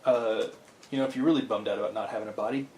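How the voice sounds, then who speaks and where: Talking very fast, this co-host has a warm, fairly low voice with fairly even intonation. He chats casually and enthusiastically, rambling and restarting thoughts, in an echoey room with faint ambience.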